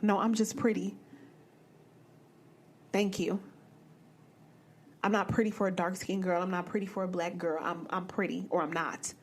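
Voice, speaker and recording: A young woman from the American Midwest hosting a podcast, telling a personal story in a blunt, profane and animated way. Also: fairly low pitch, moderate pace, long pauses. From Midwestern United States. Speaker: podcast host. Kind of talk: candid storytelling monologue.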